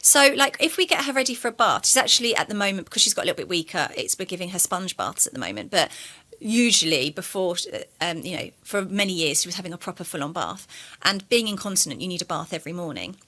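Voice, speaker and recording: A young woman speaks quickly with a bright, forward tone. She chats openly, telling stories with plenty of fillers. The delivery is a casual interview exchange. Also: lowish voice, lively intonation. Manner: candid, chatty storyteller with fillers. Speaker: podcast guest.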